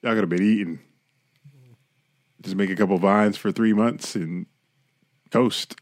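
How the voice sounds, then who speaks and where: Very low-voiced man, joking podcast co-host. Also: steady tone, unhurried, no echo, clean studio sound. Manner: joking, profane, laid-back. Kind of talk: casual podcast chat. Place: home room lit by a ring light.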